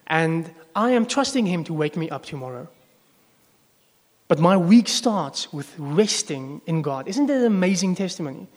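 A man's voice: a little high, lively intonation, normal speed. A male pastor preaching a sermon to a congregation in a conversational way, often asking them questions. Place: church service before a congregation. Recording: long echo of a large hall.

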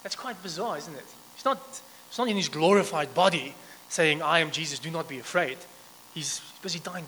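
A man preaching a sermon, telling the story with lively emphasis and frequent restarts. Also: fairly high pitch. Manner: animated storytelling with many restarts. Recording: long reverb, faint background noise.

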